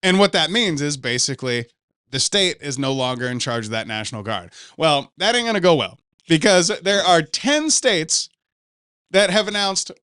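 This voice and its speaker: A man's voice: a little high, normal speed, clean tone, no echo, studio quality. A man hosting a podcast, swearing freely as he tells stories in casual banter. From Pacific Northwest. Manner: profane, animated storytelling. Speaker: podcast host.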